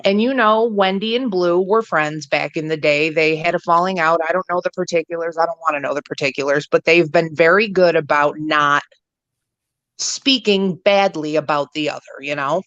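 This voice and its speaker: A woman co-hosting a livestream chat show, telling gossip in a profane, animated way. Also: low-pitched, moderate pace, no echo. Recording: dull lo-fi stream audio.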